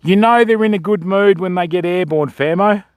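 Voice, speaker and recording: An Australian man livestreaming from a riverbank outdoors, giving excitable commentary and calling his viewers fam and mate. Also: high voice, moderate pace, smooth, no echo, clean studio sound. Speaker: fishing livestreamer. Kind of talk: live commentary to stream chat.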